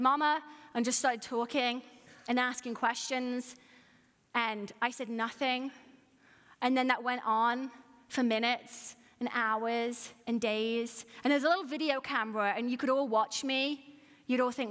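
High-voiced bright woman preaching in a hall. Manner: earnest, emphatic, with rhetorical questions to the congregation. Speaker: pastor. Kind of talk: sermon. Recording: long hall reverb.

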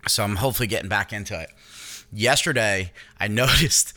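A middle-aged man co-hosting a crude, casual podcast, joking and breaking into loud impressions. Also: on the low side, brisk. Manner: jokey, launches into loud voice impressions. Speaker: podcast co-host.

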